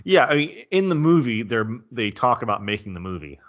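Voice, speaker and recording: A man's voice: mid-range voice, big pitch swings, a little fast, fairly bright tone, lo-fi sound. A man co-hosting a casual movie review podcast, laughing often and acting out quotes. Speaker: podcast co-host.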